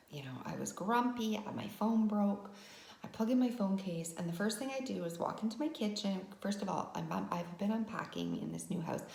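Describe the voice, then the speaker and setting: A woman's voice: lowish voice, creaky, mellow, reverberant. A woman vlogger telling a personal story as a lesson, talking conversationally with frequent "right?" asides. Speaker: wellness vlogger.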